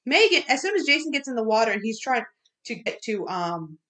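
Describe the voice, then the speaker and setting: A woman with a slightly high voice recaps a film plot on a casual podcast. She talks in a loose, chatty way and fills the gaps with likes and ums as she goes. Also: big pitch swings, brisk, bright, forceful tone, roomy sound, far from the mic. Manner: chatty retelling with fillers, laughs at the effects. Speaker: podcast co-host. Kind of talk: casual movie review chat.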